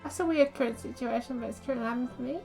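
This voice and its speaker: High-voiced, chatty woman streamer. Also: creaky, darkish tone, soft background music. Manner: chatty, amused, quick to laugh. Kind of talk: casual game commentary.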